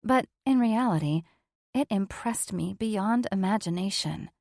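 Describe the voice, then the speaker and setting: A woman's voice: mid-range voice, expressive, measured pace, a little mellow, dry recording. Dry, frank woman narrating an audiobook. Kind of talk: first-person audiobook narration.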